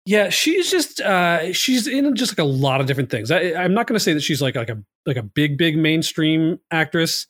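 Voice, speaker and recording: A man with a slightly higher voice rambles through a casual movie podcast, full of "like" and "um." The sound is dry and close, with no room echo. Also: very animated, normal speed, few pauses, a bit bright. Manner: rambling, filler-heavy, lots of "like". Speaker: podcast host.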